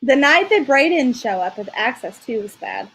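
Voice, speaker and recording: A woman's voice: on the high side, lively intonation, normal speed, vocal fry, fairly bright tone, breathy edge. A woman co-hosting a podcast in casual chat, insistent and often talking over her co-host.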